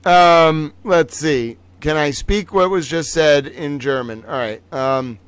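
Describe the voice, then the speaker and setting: A man with a high, light voice hosts a live-stream trivia game in a slow, unhurried way. He giggles between phrases and keeps up a playful, chatty running banter. The sound is dry and close. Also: smooth, no room sound. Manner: playful, chatty, talks to his stuffed toys. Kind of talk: casual live-stream chat.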